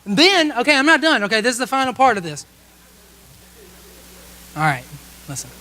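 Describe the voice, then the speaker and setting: A pastor with a very high, bright, forceful voice delivers a self-mocking story to his congregation. He keeps the tone light and comic and checks in with the room with quick asides. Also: sing-song, slight background noise. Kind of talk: storytelling sermon. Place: church service.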